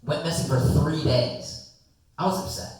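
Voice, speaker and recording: A young man telling a long, rambling story to friends in a casual chat, animated and swearing freely. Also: on the high side, moderate pace. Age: young adult. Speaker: guest storyteller. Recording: echoey room, distant mic.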